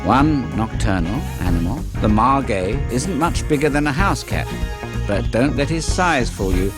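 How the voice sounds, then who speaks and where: A man's voice: medium pitch, expressive, measured pace. A man narrating a kids' wildlife program in a jokey, playful way. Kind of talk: scripted wildlife narration for kids. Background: music.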